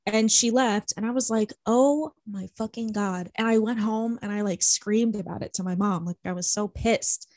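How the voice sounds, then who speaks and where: A woman's voice: medium pitch, moderate pace, hardly any pauses, dry recording. A young woman co-hosting a podcast, telling stories in casual chat with lots of swearing and "like". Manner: animated storytelling, swears, heavy use of "like". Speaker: podcast co-host.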